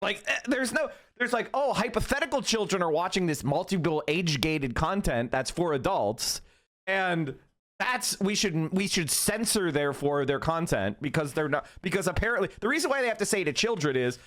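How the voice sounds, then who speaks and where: Heated, swearing male streamer, lively pitch. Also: moderate pace. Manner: heated, profane ranting. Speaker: streamer host. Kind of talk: live-stream commentary.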